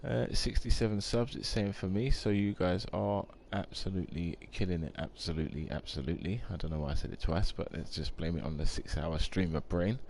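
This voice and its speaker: A man's voice: sits low, fairly even intonation, brisk, creaky, hardly any pauses, a little mellow, a little hiss or hum. A man, chatting casually on a live game stream, rambling and reading out viewer comments.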